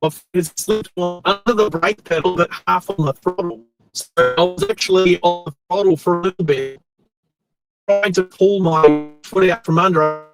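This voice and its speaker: An Australian man hosting a show, telling a rambling, animated story with restarts while he drives his car. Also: high voice, moderate pace, over music, poor audio. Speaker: host. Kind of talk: casual storytelling while driving. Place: inside a car on the road.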